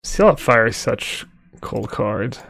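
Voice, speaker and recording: A male game streamer talks through his plays in a relaxed, unhurried way, answering chat and musing aloud with little fillers. His voice sits at an ordinary middle pitch. It is recorded close and dry on a desk mic. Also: creaky, dry recording. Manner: chatty, reads chat aloud, thinks aloud with fillers. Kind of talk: live-stream commentary while playing.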